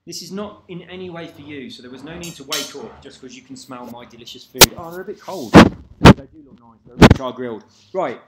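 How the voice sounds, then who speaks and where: A man's voice: mid-range voice, fast, few pauses, reverberant, noisy background. A man chatting casually and rambling on, cursing now and then, at home. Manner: rambling, loose, swears casually. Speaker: video commentator. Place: at home, moving away from the mic.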